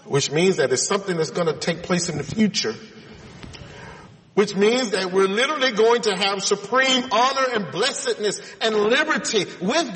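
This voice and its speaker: A man's voice: high-pitched, sharp tone, long reverb tail, poor audio. A man preaching a sermon, reading scripture aloud and explaining it, calling his listeners friends.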